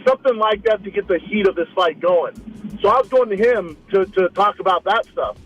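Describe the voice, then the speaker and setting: A man in his thirties, a guest telling a story in a casual interview, animated, repeating words and acting out what others said. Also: high-pitched, fairly quick, slightly rough, lo-fi sound, faint music behind. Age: 30s. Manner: animated, repeats words, acts out quoted lines. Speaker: guest, retired fighter turned comic.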